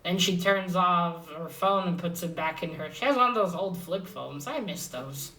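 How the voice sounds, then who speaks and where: A woman's voice: on the low side, moderate pace, bright, forceful tone, recorded from a distance, soft background music, poor audio. A woman casually recapping a comic book issue, rambling and hesitant, with many fillers and restarts.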